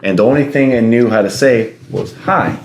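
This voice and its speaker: A man's voice: mid-range voice, a little fast, darkish tone, reverberant, slight background noise. A young man co-hosting a podcast, telling a story in casual slang and swearing freely. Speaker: podcast co-host. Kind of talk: casual chat.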